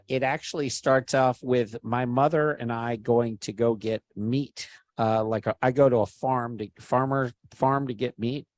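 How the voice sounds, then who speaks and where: A man telling a story in a casual chat, animated, swearing freely and loudly acting out the people he quotes. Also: mid-range voice, no echo. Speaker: podcast storyteller.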